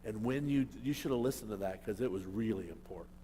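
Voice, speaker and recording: A man preaching a sermon as a pastor, emphatic and full of rhetorical questions, swinging between loud and quiet. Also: fairly low pitch, quick pace, a little hiss or hum. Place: church hall. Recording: long hall reverb.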